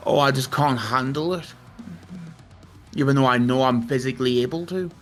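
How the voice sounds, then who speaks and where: A man's voice: medium pitch, moderate pace, soft background music. A young man chatting casually, ranting animatedly and swearing a lot. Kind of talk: casual chat on a stream.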